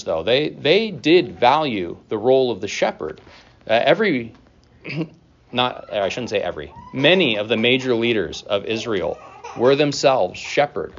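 A man preaching a sermon as pastor, in a conversational way, with casual asides and quick laughs. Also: lowish voice, lo-fi sound.

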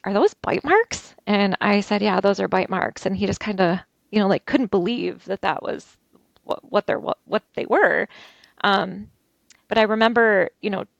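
A woman telling an interview host about a violent attack she survived, talking haltingly with many restarts. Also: mid-range voice, creaky, no echo, lo-fi sound. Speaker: interview guest. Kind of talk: recounting a personal ordeal. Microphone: video call.

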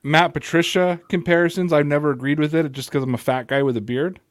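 A man's voice: a little high, fairly even intonation, quick pace, no echo, clean studio sound. A man with an American Italian accent hosting a casual live sports podcast chat, joking and poking fun at himself. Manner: joking, self-mocking. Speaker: podcast host.

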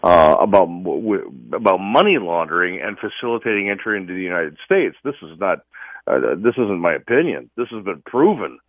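A man's voice: low voice, very animated, fairly quick, dry recording, narrow, tinny audio. A man speaking as a guest commentator on a talk radio show, emphatic and opinionated, stumbling and restarting often.

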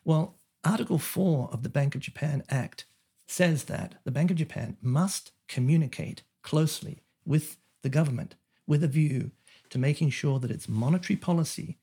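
A man's voice: medium pitch, normal speed, dark tone, slightly rough. A man, an economist guest on a podcast, explaining his ideas in a thoughtful way with frequent fillers and restarts. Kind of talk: conversational interview.

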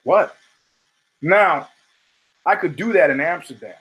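Taking his time, an American host tells stories in a casual monologue full of cursing, acting out the people he quotes. His voice is slightly high and husky, and the recording is low quality.

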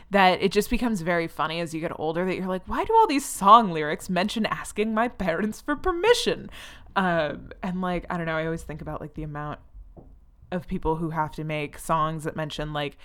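A woman in her thirties hosts a solo podcast, riffing in a casual, sarcastic way. Her voice sits on the lower side and comes through smooth and clear, and her delivery is animated. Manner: animated, sarcastic, mocking put-on voices for quotes. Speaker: podcast host.

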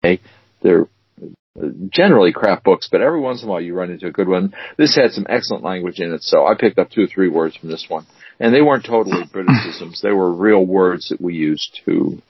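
A man co-hosts a podcast in loose, rambling chat, often stopping to restart his sentences. His voice is husky and sits fairly low. The recording is dry and a little dull. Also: lively intonation, a little fast, dry recording. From United States. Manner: rambling, with many fillers and restarts. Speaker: podcast co-host. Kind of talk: casual chat.

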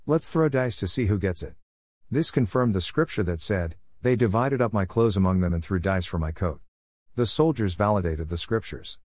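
This is a man with a fairly low voice who hosts a daily Bible reading show. He reads scripture in a steady, earnest way. The sound is dry and close, with no room echo. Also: normal speed. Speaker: Bible reading podcast host.

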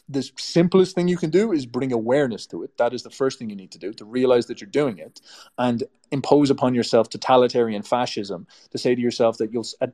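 A man's voice: mid-range voice, a little mellow. An Irish man giving a blunt, profane advice monologue to camera, with a strongly musical, up-and-down intonation. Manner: blunt, emphatic and profane, ranting. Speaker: YouTube host.

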